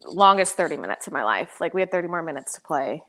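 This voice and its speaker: A young American woman in casual interview chat, talking fast with many "like" fillers and frequent laughs. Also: deep voice, expressive, a bit bright. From United States. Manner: chatty, lots of "like" fillers, laughs often. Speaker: podcast guest, pro soccer player.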